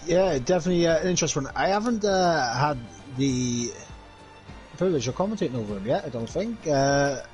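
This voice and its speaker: A man's voice: fairly high pitch, expressive, brisk, darkish tone, faint music behind, poor audio. A man co-commentating live on an esports race, hesitant and full of "uh"s. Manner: hesitant, many "uh"s.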